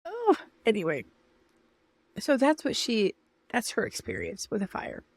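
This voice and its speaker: A woman's voice: on the high side, wildly swooping pitch, normal speed, dry recording. An older woman telling a personal story to camera in a chatty, emotional way, talking straight to her viewers. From Northern California. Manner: chatty and emotional, addresses viewers as "you guys" and "y'all". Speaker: vlogger.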